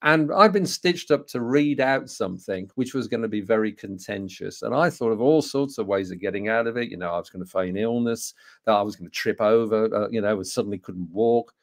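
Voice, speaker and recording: A man in his sixties from England with a Birmingham accent, telling a personal story to an audience, full of rhetorical questions and halting restarts. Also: on the low side. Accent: Birmingham English. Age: 60s. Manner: anecdotal, rhetorical questions, frequent hesitations and restarts. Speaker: speaker and co-author.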